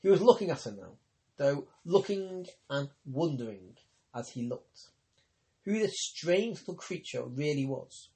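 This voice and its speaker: A man narrating a novel in a measured, steady reading voice. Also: fairly high pitch. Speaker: audiobook narrator.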